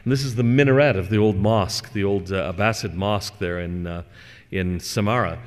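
A man lectures on religious history, his voice sitting on the low side, measured and conversational with small asides and fillers. The sound carries a long reverb, as if recorded in a lecture hall. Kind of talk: religious lecture with scripture reading.

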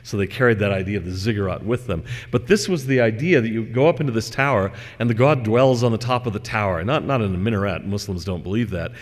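A man's voice: lowish voice, quick pace, hardly any pauses. A man giving a religious lecture to an audience in a hall, reading scripture and chatting through digressions with fillers. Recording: long hall reverb.

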